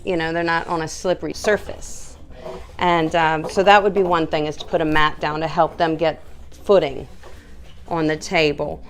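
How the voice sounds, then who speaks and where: A woman's voice: lowish voice, slight background noise. A woman dog groomer explaining nail trimming and cooing soothingly at a nervous dog while she works. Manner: soothing baby talk to the dog between instructions. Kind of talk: grooming demonstration. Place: grooming room.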